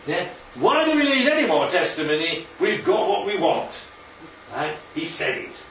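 A man's voice: high voice, big pitch swings, moderate pace, a bit bright, a little hiss or hum. A man leading an informal Bible class with slides, who keeps checking in with his listeners. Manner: chatty, checks in with listeners often. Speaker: Bible study teacher. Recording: roomy, distant, muffled hall recording.

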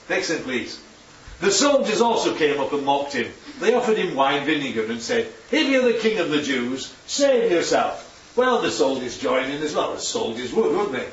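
A man giving an informal Bible teaching talk, chatty and full of tag questions. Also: medium pitch. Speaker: preacher teaching from slides. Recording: echoey room, distant dull mic, faint hum.

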